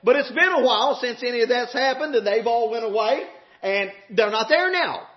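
A man preaching a sermon, impassioned and shouting at times, drawing out emphatic phrases. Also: very high voice, moderate pace. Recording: echoey, dull hall recording.

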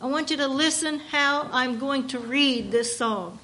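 Slow, high-voiced woman preaching. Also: bright, forceful tone, a little hiss or hum. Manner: slow, emphatic reading with drawn-out words. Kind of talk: sermon.

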